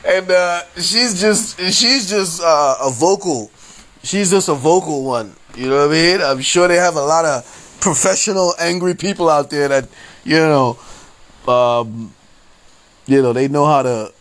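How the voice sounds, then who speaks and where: A man's voice: fairly high pitch, measured pace, fairly bright tone. A man hosting a casual solo podcast, rambling and laughing often, full of slang and profanity. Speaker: podcast host. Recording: faint background noise.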